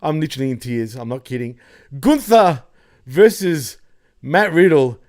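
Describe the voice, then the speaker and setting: A man's voice: fairly high pitch, normal speed. Giggly, cursing male podcast host. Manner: laughing often, swearing, loose and excitable. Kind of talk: casual wrestling review chat.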